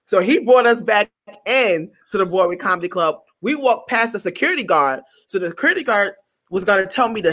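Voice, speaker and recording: Animated woman comedian telling a story. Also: mid-range voice, quick pace. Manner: animated, acts out quotes in other voices; stumbles and repeats words. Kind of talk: storytelling in an interview.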